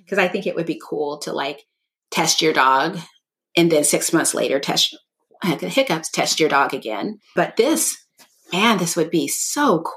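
A woman co-hosts a podcast, chatting casually and thinking out loud in long, meandering sentences. Her voice is deep with a slight brightness.

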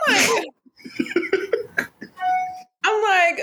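A woman's voice: medium pitch, normal speed, fairly bright tone. A young woman co-hosting a podcast, telling stories in a chatty way full of "like". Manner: chatty storyteller, many "like" fillers. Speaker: podcast co-host, daughter. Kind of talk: casual podcast chat.

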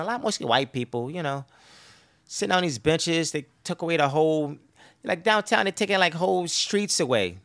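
A man hosting a podcast, telling stories in a casual, profane, exasperated rant. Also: a little high. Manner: profane, animated storytelling; petty, exasperated complaining. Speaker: podcast host. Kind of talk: casual ranting monologue.

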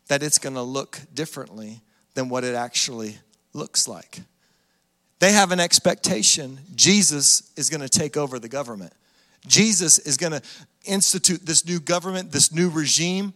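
A man preaching a sermon as a pastor, telling the story in an animated way and acting out the voices of the people in it. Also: fairly high pitch, normal speed. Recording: long hall reverb.

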